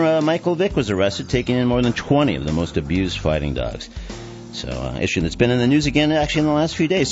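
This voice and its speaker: A man hosting a radio show, reading announcements in a lively way with frequent fillers like uh and um. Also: mid-range voice, muffled recording.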